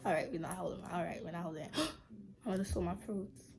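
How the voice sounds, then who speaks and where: A young woman vlogger casually telling a story to her camera, chatty and animated, full of "like". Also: fast, vocal fry, crowd noise. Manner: chatty and animated, heavy use of "like", jumps high when quoting people. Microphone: camera mic at home, filming herself.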